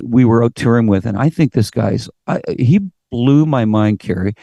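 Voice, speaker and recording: Middle-aged Canadian rock singer, mid pitch, animated, acts out his stories, dry close sound. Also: moderate pace, creaky, dry recording. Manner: animated storyteller, acts out quotes, swears casually. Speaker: guest singer. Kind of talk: casual interview chat.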